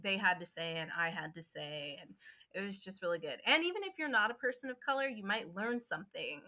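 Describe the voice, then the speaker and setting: A young adult woman co-hosting a casual podcast, expressive, laughing often and swearing casually. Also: mid-range voice, brisk. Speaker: podcast co-host.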